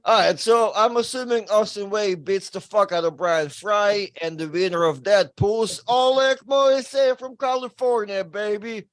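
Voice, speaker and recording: A man speaks as a guest in a casual chat, running through a tournament bracket in quick, laughing asides. His voice sits high, and the sound is close and dry. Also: no room sound. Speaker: podcast guest, arm wrestler.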